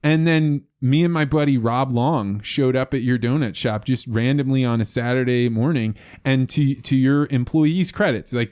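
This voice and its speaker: Animated man hosting a podcast. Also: medium pitch, clean tone. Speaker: podcast host. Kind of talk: conversational interview.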